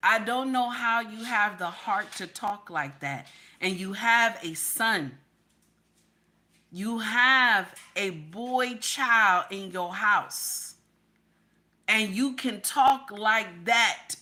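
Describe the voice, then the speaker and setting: A woman's voice: mid-range voice, very slow, sharp tone. A middle-aged woman giving casual, emphatic reaction commentary, repeating her points in a preachy way.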